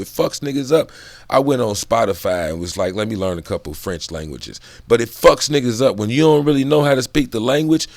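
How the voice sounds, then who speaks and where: Speaking in a mid-range voice with no room sound, a man offers casual book commentary full of swearing. He keeps drifting into digressions and laughs between his thoughts.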